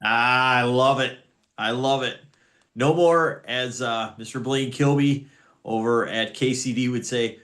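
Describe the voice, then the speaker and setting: A man's voice: medium pitch, measured pace, a bit bright. A man hosting a motorsport podcast, reading the intro, sign-off and sponsor plugs in an upbeat announcer manner. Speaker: podcast host.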